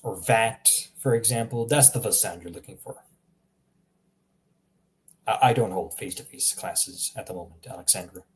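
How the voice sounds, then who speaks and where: A man's voice: lowish voice, moderate pace, long pauses. A man teaching pronunciation in a live online lesson, patiently repeating each word and answering viewers. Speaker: language teacher.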